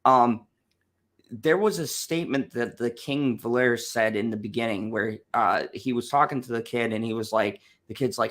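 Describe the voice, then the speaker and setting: Casting note: male co-host, medium pitch, relaxed and conversational, explains plot with ums and likes. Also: moderate pace. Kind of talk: casual review chat.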